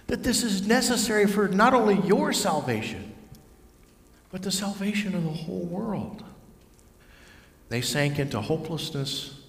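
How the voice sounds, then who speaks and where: Man preaching in an echoey hall. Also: high-pitched. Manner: storytelling, varies voice for figures. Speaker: pastor. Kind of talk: sermon. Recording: echoey hall with long reverb.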